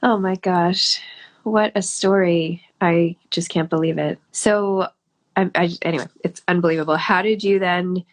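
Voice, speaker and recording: A woman's voice: lowish voice, steady tone, a little slow. A woman hosting a live video interview, reacting with astonishment and asking stumbling, repeated questions. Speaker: host, interviewer. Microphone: video call mic.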